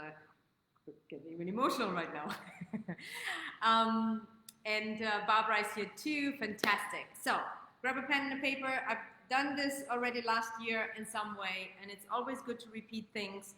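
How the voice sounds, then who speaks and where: A woman hosts a live coaching stream, greeting viewers by name and guiding them through slow breathing. Her voice is bright and sits a little high. It rings in an echoey room with a long reverb tail. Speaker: host and life coach.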